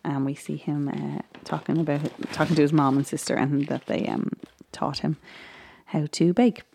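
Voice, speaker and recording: A woman's voice: low-pitched, level tone, moderate pace, gravelly, dark tone, a little hiss or hum. A woman vlogger chatting casually as she recaps a baking show, rambling with frequent ums and little laughs. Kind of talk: casual chat.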